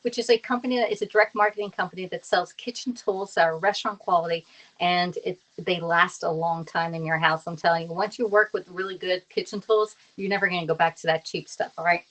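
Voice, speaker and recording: A woman's voice: fairly low pitch, fairly even intonation, a little fast, fairly bright tone. A woman in her thirties from Pennsylvania chatting casually with viewers while cooking on a live stream, laughing often and greeting people by name. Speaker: cooking live-streamer and kitchen tools consultant.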